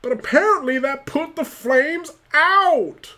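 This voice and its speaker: A man voicing a silly caped vigilante hero in a strained, loud put-on voice. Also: extremely high pitch, animated, takes it slowly, voice pushed up, full character voice. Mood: puzzled. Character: comically squeaky male caped vigilante hero.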